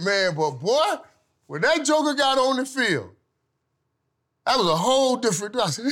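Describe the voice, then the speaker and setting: Guy telling old stories on a podcast, gets loud then goes quiet, laughs a lot. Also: high-pitched, moderate pace. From from Saint Thomas. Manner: animated, laughing, swings from loud to hushed. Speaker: guest, former football player. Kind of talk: casual storytelling.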